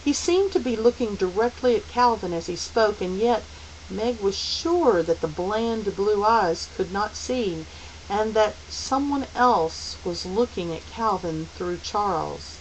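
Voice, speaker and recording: A woman narrating a novel aloud as an audiobook reader, steady and unhurried. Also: mid-range voice, slight background noise, low-quality recording. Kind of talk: storybook narration.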